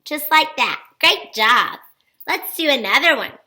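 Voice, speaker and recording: A woman's voice: high voice, a little slow. A woman teacher giving a phonics lesson to young children, upbeat and full of encouraging praise, reading example sentences with exaggerated expression. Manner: exaggerated expressive read-alouds.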